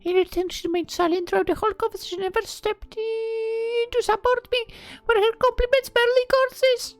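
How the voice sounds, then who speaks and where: A woman's voice: very high voice, fairly even intonation, fairly quick, soft background music, pitched above the performer's own voice. A woman voicing an anxious young princess who is turning into a fairy, speaking in an earnest, fretful, questioning way. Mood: doubtful.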